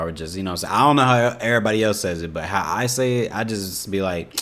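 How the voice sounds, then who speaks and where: A man's voice: on the low side, normal speed. A man in his twenties with an Indiana accent, reacting casually to videos, laid-back and laughing often between exasperated remarks. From Indiana, USA. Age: 20s.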